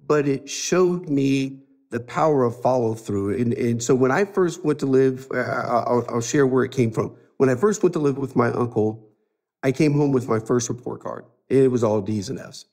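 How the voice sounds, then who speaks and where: A man's voice: medium pitch, moderate pace, darkish tone. A man in his fifties, a podcast guest, telling his life story with feeling and acting out the dialogue. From United States. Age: 50s. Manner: earnest, emotional storyteller who acts out dialogue. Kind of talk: storytelling interview.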